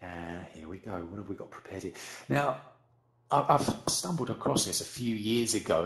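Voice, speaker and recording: A British man teaching English in a loose, chatty way, often poking fun at himself. His voice sits low with a gravelly edge. It echoes as if he is in a roomy virtual hall. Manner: chatty, rambling, self-deprecating. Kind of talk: casual live lesson in virtual reality.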